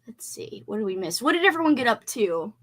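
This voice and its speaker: A woman's voice: on the high side, fairly quick. A woman hosting a casual livestream, chatting with viewers in a bubbly, effusive way. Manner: bubbly, effusive, squeals with excitement. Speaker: livestream host.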